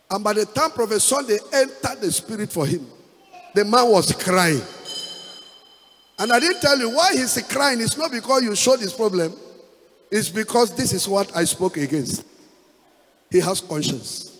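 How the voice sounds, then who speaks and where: A man giving a testimony as a pastor, with emphatic preaching and half-sung phrases that build to loud exhortation. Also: high-pitched, husky. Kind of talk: sermon testimony. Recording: echoey hall with music behind.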